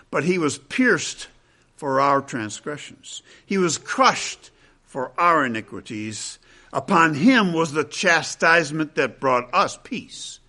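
Slow, bright-voiced male preacher. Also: fairly high pitch. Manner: deliberate, emphatic, with slowed stresses on key phrases; quotes scripture at length in a measured cadence. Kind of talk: expository sermon.

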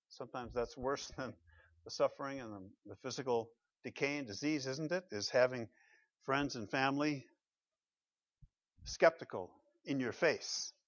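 Preacher with a dull lo-fi sound. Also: male voice, no echo. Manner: swings from loud emphatic declarations to low asides; asks the congregation rhetorical questions. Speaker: pastor. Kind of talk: sermon. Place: church.

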